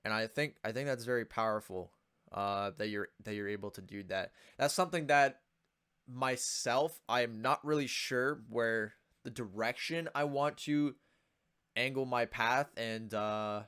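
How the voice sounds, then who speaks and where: A young man in his twenties with a smooth, resonant voice at a mid pitch co-hosts a laid-back podcast. He speaks in a thoughtful, measured way, pausing on the odd filler as he works through his ideas. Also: fairly bright tone. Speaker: podcast co-host. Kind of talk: casual podcast chat.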